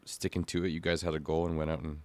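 A man chats casually as a podcast co-host and gym coach, speaking in short, laid-back remarks. His voice sits low, and the studio sound is dry. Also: flat delivery, fast talker, a little mellow, no room sound. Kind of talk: casual chat.

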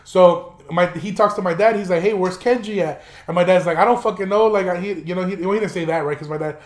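Young male podcast host, high-pitched, loose and profane storyteller, roomy echo. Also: quick pace. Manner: profane, rambling, laughs while telling. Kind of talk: casual storytelling monologue.

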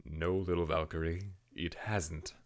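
A man's voice: sits low, fairly even intonation, unhurried. A man voicing a cold, commanding warrior captain who speaks with mocking menace.

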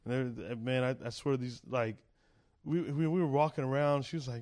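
A comedian guest on a podcast, this man rambles through a story full of swearing, slipping into the voices of the people in it. His voice sits at a middle pitch for a man. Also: fairly even intonation, a little fast, darkish tone. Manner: profane, rambling, acts out quoted voices.

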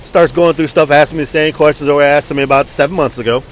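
A man's voice: fairly high pitch, steady tone, fast, a little hiss or hum, poor audio. A man venting angrily in a casual, profane, rambling story.

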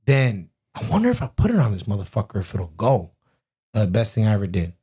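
A man, a rapper, telling a profane, animated story about his career in casual conversation. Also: fairly low pitch, fairly quick, breathy edge. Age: adult with a twenty-year-old stepdaughter. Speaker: rapper guest.

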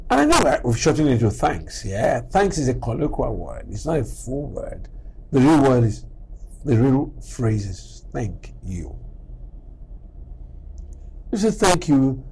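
A man's voice: mid-range voice, measured pace, gravelly, long pauses, slightly rough, rough recording. A middle-aged man giving a motivational talk on character, telling stories and acting out little exchanges as he goes. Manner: animated, acts out little dialogues. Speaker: speaker on character.

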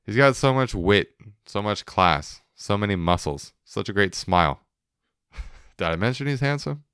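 Laid-back deep-voiced man hosting a podcast. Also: lively intonation, a little slow, a bit bright, smooth, dry recording, studio quality. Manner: laid-back, joking, swearing, laughing often. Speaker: podcast host. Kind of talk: casual solo podcast chat.

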